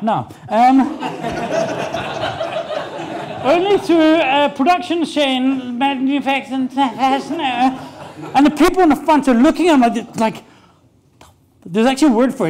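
Male keynote speaker with a high-pitched voice, brash comic storyteller on a live stage. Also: darkish tone. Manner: brash, joking, swears, acts out quoted people. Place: stage before a live audience.

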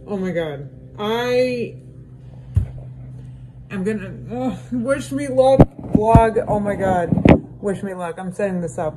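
A woman's voice: medium pitch, darkish tone, slight background noise, poor audio. A young woman vlogging at home in casual chat, frazzled and exasperated, talking to viewers through a handheld camera.

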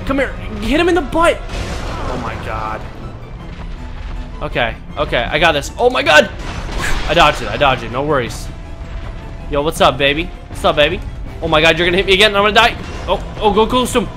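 A young man giving let's play commentary, excitable and panicky, swearing and trash-talking the enemies as he plays. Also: on the high side, fairly quick, pauses often, music in the background. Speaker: gaming commentator.

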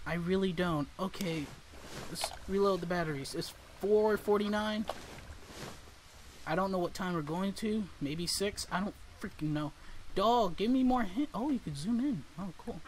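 Jumpy, slow-talking young man gaming. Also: high voice, a bit bright, slight background noise, poor audio. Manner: nervous, jumpy, talks to the game characters. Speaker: gaming YouTuber. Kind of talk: horror game let's play commentary.

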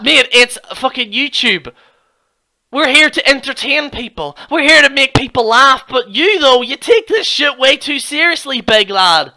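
A man's voice: very high voice, expressive, normal speed, bright, forceful tone. A man giving heated, mocking reaction commentary, swearing constantly as a YouTube commentator.

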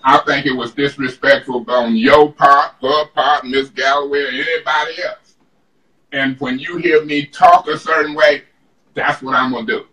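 A man's voice: medium pitch, fairly even intonation, moderate pace, bright, forceful tone. A man speaking as a city council member in a heated debate, combative and emphatic, recorded from a distance in a council chamber. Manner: combative, emphatic, mocking others in put-on voices. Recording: echoey chamber, distant mic.

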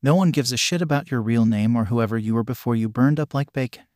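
Man voicing a creepy villain leader, dark insistent tone, storybook reading, middle pitch, dry mic. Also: quick pace, no echo, close to an everyday voice. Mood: pushy. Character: sinister young male villain leader, creepy and pushy.

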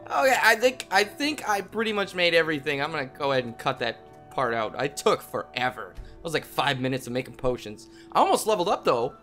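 A young man hosting a game play video, talking to viewers in a goofy way and breaking into loud yelps and yells. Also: fairly high pitch, big pitch swings, fairly quick, hardly any pauses. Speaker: gaming channel host. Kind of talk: let's play commentary. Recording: game music playing softly behind.

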